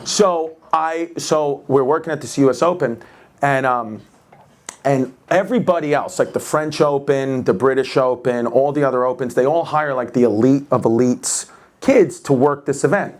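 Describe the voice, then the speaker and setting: A man with a New York accent doing stand-up, telling a story with animated energy and laughing as he goes, then talking casually offstage, sweaty and winded after a set. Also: mid-range voice, normal speed. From Queens, New York. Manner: animated, laughing through his own story. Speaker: stand-up comedian.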